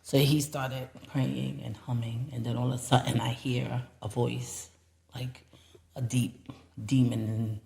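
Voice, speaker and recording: A woman guest on a podcast, telling a personal story in a low-key, rambling way with many fillers. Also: flat delivery, slow pace, gravelly, mellow. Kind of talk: casual storytelling.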